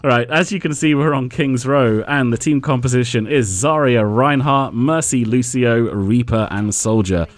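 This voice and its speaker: A man's voice: mid-range voice, normal speed, few pauses, no room sound. A man, co-hosting a casual gameplay critique show and dryly teasing his co-host while explaining tactics. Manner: dry, teasing critic who lectures on tactics.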